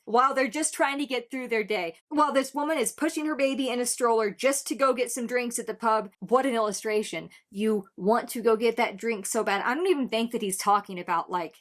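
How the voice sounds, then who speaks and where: A woman's voice: on the high side, fairly quick, hardly any pauses, fairly bright tone. A young adult woman hosting a music reaction video, talking in a casual, heartfelt way with sarcastic turns and restarts as she thinks aloud.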